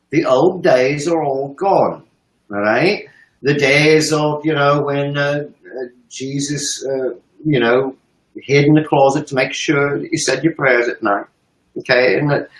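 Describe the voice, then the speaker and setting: Swearing, ranting man in an echoey room. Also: a little high. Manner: ranting, emphatic, heavy swearing. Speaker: commentator. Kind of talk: profane monologue.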